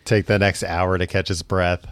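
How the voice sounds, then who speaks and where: A man co-hosting a podcast who drops dry, deadpan jokes and laughs along. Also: low-pitched, normal speed, a little hiss or hum. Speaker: podcast co-host. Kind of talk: casual comedic chat.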